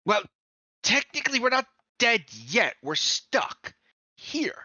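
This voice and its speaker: A man's voice: very animated, slow, bright, forceful tone, no echo, muffled recording, heavily acted. A man doing a rambling pompous old sage. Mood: matter-of-fact. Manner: rambling, indignant, high-pitched outbursts.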